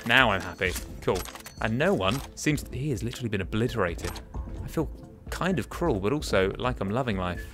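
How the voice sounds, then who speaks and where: A young man giving chatty, exasperated commentary while playing a game. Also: a little high. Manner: chatty, exasperated, muttering to himself. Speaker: gaming commentator. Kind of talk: casual let's-play commentary.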